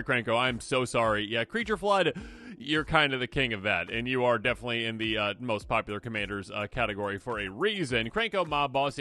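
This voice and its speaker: A man hosting a card game video, talking casually and excitably, slipping into quick imagined voices. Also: medium pitch. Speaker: host.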